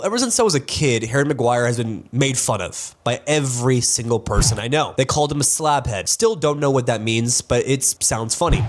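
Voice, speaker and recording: A young man hosting a sports countdown, in casual, joking commentary that rambles and restarts often. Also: mid-range voice. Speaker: sports channel host.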